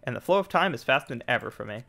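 A man reading a video game's lines for an ancient woman librarian who wants revenge, in a calm, fairly flat voice. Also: medium pitch, very fast, gravelly, voice pushed down. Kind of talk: reading game dialogue aloud.

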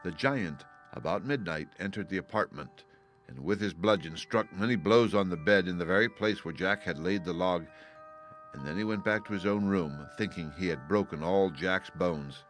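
With a low voice, a man narrates a fairy-tale audiobook at normal speed. He keeps his delivery steady and even while faint music plays underneath.

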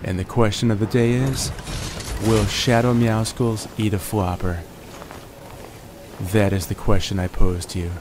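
A man with a groggy morning voice talks through his gameplay in a relaxed, joking way, narrating each step. His voice sits on the lower side. A steady noise runs under the recording. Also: a little slow. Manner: relaxed, jokey, narrates each move with puns. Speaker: gaming video host. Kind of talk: gameplay commentary.

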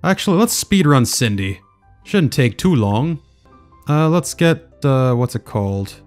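A man's voice: medium pitch, big pitch swings, unhurried, faint music behind. Casual man thinking aloud while gaming. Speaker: gaming video creator. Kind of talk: let's play gaming commentary.

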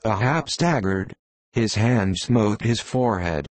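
A male narrator reads a classic novel in a measured, expressive way. His voice sits low, and the recording is dry with no room sound. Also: no echo, poor audio.

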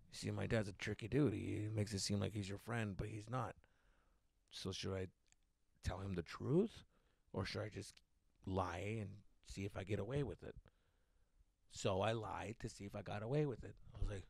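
A man's voice: fairly low pitch, a little fast, vocal fry, fairly bright tone, no echo. A man hosting a podcast, telling rambling, profane stories from home in a casual way. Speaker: podcast host. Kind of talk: casual storytelling.

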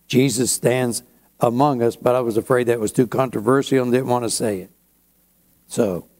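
Pastor, male; slow, unhurried sermon delivery with a warm, mellow tone and chatty asides. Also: mid-range voice. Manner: slow, conversational preaching with asides.

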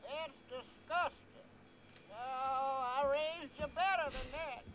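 An actress voicing a scolding, sharp-tongued but loving elderly grandmother in a video game. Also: high voice, takes it slowly, crowd noise. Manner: chiding, exasperated.

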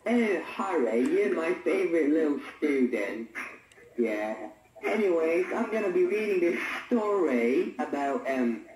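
A performer playing a crude, foul-mouthed male English teacher who talks in a slow, lazy drawl. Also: mid-range voice, animated, natural voice. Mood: smug, crude. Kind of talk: improvised comedy skit. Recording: roomy, distant, muffled, noisy.

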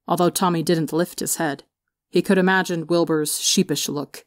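A woman reading fan fiction aloud as an audiobook narrator, expressive on the emotional beats. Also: on the low side, moderate pace, no echo, clean studio sound. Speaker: audiobook reader. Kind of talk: storybook narration.

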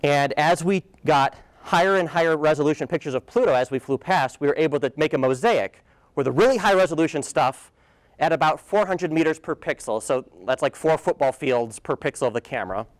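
A young man gives a guest lecture over slides, his voice sitting a little high for a man. He talks with casual enthusiasm and drops in playful asides. The sound is dry and close, with little room around it. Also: animated, fairly quick, no room sound. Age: young adult. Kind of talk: presentation talk with slides. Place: lecture hall.

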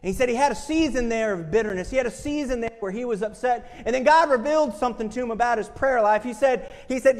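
A man's voice: very high voice, brisk. A man preaching a sermon as pastor, impassioned and acting out quoted voices. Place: church sanctuary. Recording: long hall reverb from a church.

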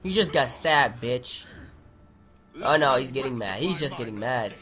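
A young man giving excitable let's play commentary, swearing and shouting at the game. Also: medium pitch, a little slow, soft background music. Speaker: gaming commentator.

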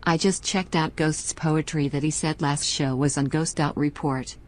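A synthetic woman's voice reading out viewer donation messages in a flat, even way. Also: low-pitched, normal speed. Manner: flat, even machine read-out. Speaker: text-to-speech donation message voice.

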